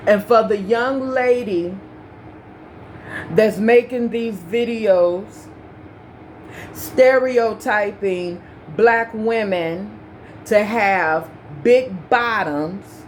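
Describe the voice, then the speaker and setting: A woman's voice: mid-range voice, drawn-out words, slight background noise. A woman giving an emphatic opinion rant to the camera, full of repeated points and rhetorical questions. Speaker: commentary vlogger.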